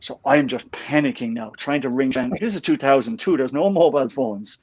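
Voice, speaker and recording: A middle-aged Irish man telling a lively story in a casual chat. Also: mid-range voice, brisk, no room sound, dull audio. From Ireland. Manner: animated anecdote-telling with laughs.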